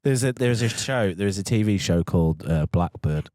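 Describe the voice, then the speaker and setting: A man's voice: lowish voice, normal speed, no echo, studio quality. A man co-hosting a podcast, rambling and swearing in casual chat. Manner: rambling, animated, swears a lot, puts on voices. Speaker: podcast co-host.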